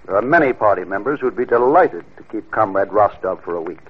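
An actor playing a cold, threatening communist cell leader in a 1950s radio drama, clipped and smooth. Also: male voice, lowish voice, lively intonation, a little fast. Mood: menacing. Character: cold menacing male communist boss. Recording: dull lo-fi old radio recording.

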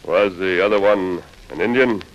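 An actor playing a calm, commanding masked lawman hero in a vintage radio drama. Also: low voice, normal speed, lightly acted. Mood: firm. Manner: firm, commanding. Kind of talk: 1940s radio acting. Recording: dull hissy vintage radio recording.

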